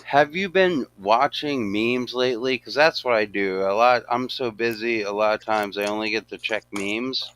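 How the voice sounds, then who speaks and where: A man's voice: fairly low pitch, normal speed, hardly any pauses, smooth, low-quality recording. An older man chatting casually on a livestream, telling stories with animation and frequent laughter. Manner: animated storyteller, laughs often. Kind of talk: casual chat.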